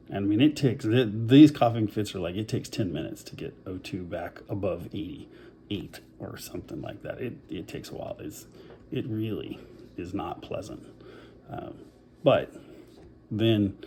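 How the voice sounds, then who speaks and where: Man, casual vlog diary, rambling and a bit winded, low mellow voice, faint background hum. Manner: rambling, many fillers, self-deprecating. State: short of breath after covid, on oxygen. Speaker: vlogger.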